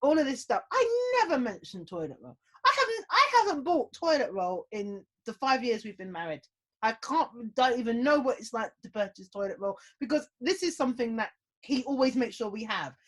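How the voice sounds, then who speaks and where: A woman chats in a relaxed interview, her voice sitting slightly high. She swings easily between earnest advice and laughing storytelling. Her delivery is lively and expressive. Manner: animated, laughs often while telling stories. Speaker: guest giving mental health advice. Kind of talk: casual interview talk.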